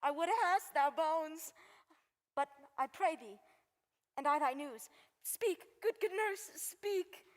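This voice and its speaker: A woman's voice: high voice, slow, pauses often. A woman playing an impatient young girl in love in a Shakespeare reading, pleading with urgency. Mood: eager, impatient. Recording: long reverb on live stream.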